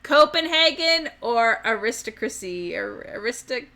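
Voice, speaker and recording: A woman's voice: on the high side, expressive, normal speed, gravelly, bright, forceful tone. A woman hosting a live stream, chatting casually with viewers, giggling often and stumbling over words. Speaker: livestream host.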